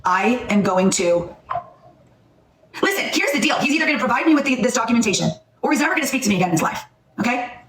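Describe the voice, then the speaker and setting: A woman's voice: fairly high pitch, big pitch swings, fast, fairly bright tone, reverberant, far from the mic. A woman hosting a heated livestream, angry and upset, blunt and repeating herself for emphasis. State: upset and shaking. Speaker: livestream host.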